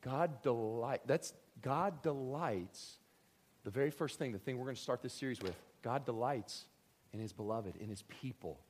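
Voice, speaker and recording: A man preaching a sermon as pastor, joking and animated, swinging from loud lines to hushed ones. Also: mid-range voice, moderate pace, slightly rough.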